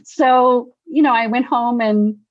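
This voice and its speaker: A middle-aged woman telling her recovery story in casual conversation, animated, acting out the voices of people she quotes. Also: a little high, takes it slowly, no echo, lo-fi sound. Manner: animated, acts out quoted voices, laughs often. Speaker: guest sharing recovery story. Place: Denver area.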